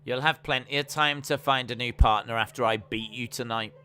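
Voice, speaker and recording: Chatty man with a bright voice. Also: medium pitch, steady tone, fairly quick. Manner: chatty, reads out viewer comments and jokes. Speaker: live stream host. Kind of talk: casual wrestling watch-along chat.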